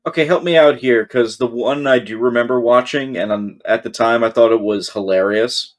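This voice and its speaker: A man's voice: medium pitch, moderate pace. A man chatting casually with fellow tabletop players, hesitant and joking as he asks questions. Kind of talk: casual chat between game sessions.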